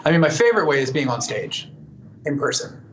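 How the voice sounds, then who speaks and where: A man's voice: a little high, big pitch swings, fairly quick, fairly bright tone, a little hiss or hum. Chatty man in an echoey room. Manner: chatty, thoughtful, with many fillers and restarts. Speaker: singer answering fan questions. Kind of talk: casual live Q&A. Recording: roomy echo, faint ambience.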